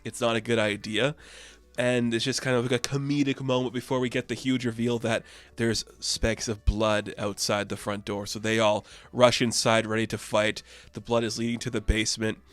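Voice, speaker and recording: A man's voice: medium pitch, flat delivery, normal speed, few pauses. A man casually reviewing a comic book issue with enthusiastic, chatty recaps.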